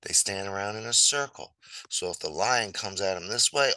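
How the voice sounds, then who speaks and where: A man's voice: lowish voice, expressive, moderate pace, sharp tone, no echo, rough recording. A man telling an old fable in a casual, rambling and playful way, with chatty asides as he draws. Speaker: storyteller. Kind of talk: casual fable storytelling while drawing.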